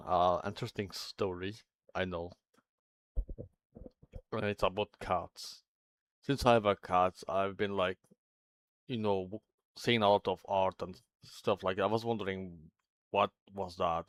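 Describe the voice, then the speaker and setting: A man with a lowish, smooth, clear voice chats with his livestream viewers. He rambles and breaks off mid-sentence, a little nervous. The sound is close and dry. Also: steady tone, measured pace, long pauses, no echo. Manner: rambling, self-interrupting, chatty. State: a bit anxious. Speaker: livestream host. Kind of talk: casual chat with viewers.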